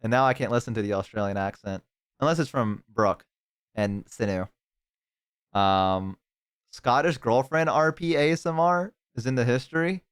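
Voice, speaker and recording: A man's voice: mid-range voice, animated, normal speed, clear, resonant tone. A man streaming, chatting casually, joking and rambling with crude humor.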